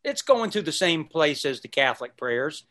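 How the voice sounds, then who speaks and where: As an animated storyteller on a podcast, this guest acts out the people he quotes and sings snippets in casual conversation. He's a man with a fairly high voice who keeps a moderate pace.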